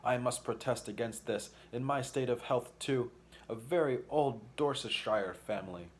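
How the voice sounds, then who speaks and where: A man voicing a trembling, cowardly older gentleman magician who wails in a quavering, self-pitying way in a storybook reading. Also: medium pitch, normal speed, lightly acted. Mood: wailing.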